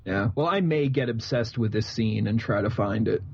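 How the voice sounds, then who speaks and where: Muffled lo-fi audio captures a man in his thirties co-hosting a movie podcast, his fairly low voice gravelly with a breathy edge and his pace normal. He tells stories jokingly, laughing frequently, in a relaxed conversation about films.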